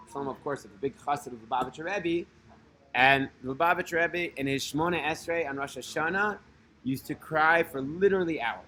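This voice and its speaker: Here the storyteller host recounts a personal religious story, talking loosely with lots of fillers, restarts, and Hebrew words. His voice is on the high side and a bit bright, and there's slight background noise.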